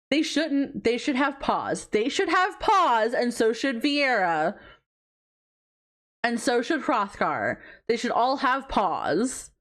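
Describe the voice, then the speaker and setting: A woman streamer chatting casually while she plays a game, who swears and often trails off mid-thought. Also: high-pitched. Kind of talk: casual gameplay stream chat.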